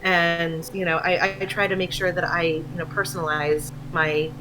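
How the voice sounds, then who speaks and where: Chatty woman telling animated stories. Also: fairly low pitch, normal speed, poor audio. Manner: animated storytelling, laughs often. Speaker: streamer co-host. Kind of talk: casual chat. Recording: faint background noise.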